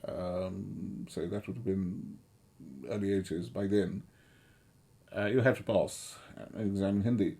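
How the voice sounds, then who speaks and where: A middle-aged man giving rambling, sardonic commentary, halting often with fillers and restarts. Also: low voice, steady tone, vocal fry, warm tone, breathy edge.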